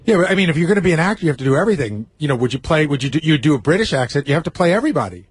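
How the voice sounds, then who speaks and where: A man's voice: on the high side, sing-song, racing, breathy edge, no room sound. A man chiming in on a radio show, arguing his points earnestly. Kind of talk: casual radio talk.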